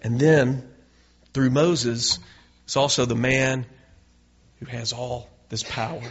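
A man's voice: mid-range voice, steady tone, slow, slightly rough. A male pastor preaching a sermon in an earnest way, building to emphatic peaks. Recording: dull lo-fi recording.

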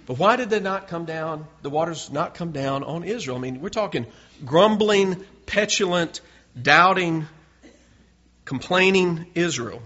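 A man's voice: fairly high pitch, lively intonation, measured pace, bright, forceful tone. A male pastor preaching a sermon in an earnest way, building to emphatic peaks. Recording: dull lo-fi recording.

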